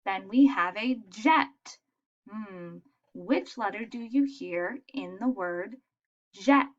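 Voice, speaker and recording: A woman teaching young children letter sounds in a patient, encouraging way, modelling each sound clearly. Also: medium pitch, lively intonation, takes it slowly, lo-fi sound. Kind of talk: phonics lesson for young children.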